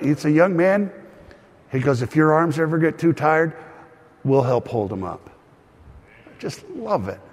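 A male pastor delivers a sermon in an earnest, conversational way, drawing the congregation into call-and-response. His voice sits a little higher than most men's. A long reverb trails each phrase, as in a church hall. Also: darkish tone.

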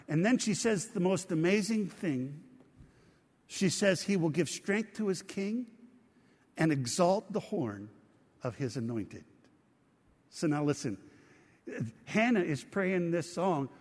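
A man's voice: a little high, sing-song, a little slow, darkish tone, husky, long reverb tail. A man preaching a sermon as pastor, reading scripture aloud and drawing the congregation in with questions. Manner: engaging, asks the congregation questions.

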